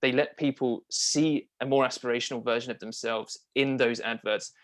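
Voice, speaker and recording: A man's voice: medium pitch, steady tone, moderate pace. A man being interviewed as a copywriter and marketing strategist, talking casually and enthusiastically with frequent fillers and restarts.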